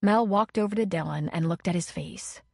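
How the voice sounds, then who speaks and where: A woman reading an audiobook in measured, expressive narration. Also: lowish voice, creaky, no echo, clean studio sound. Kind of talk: scripted narration.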